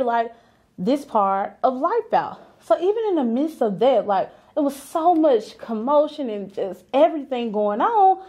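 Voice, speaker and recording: A woman's voice: sits high, darkish tone. Candid woman telling a personal story. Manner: candid, conversational, acts out quoted voices. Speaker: business owner.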